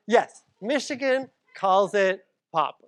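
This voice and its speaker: A woman from Massachusetts giving a public library lecture, conversational, with frequent ums and asides to the audience. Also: low voice.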